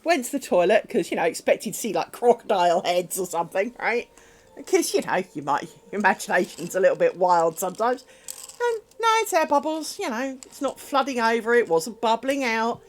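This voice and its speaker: Animated British woman telling rambling stories. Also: on the high side, brisk. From Britain. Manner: rambling, animated storytelling with frequent ums and swearing. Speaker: crafts streamer. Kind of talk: casual livestream chat.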